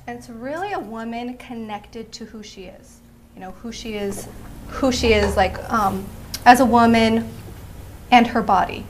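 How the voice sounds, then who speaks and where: A woman guest who teaches sensuality, answering calmly and often affirming with "absolutely". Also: on the high side, a little slow, crowd noise. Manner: calm, affirming, repeats "absolutely". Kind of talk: interview answers.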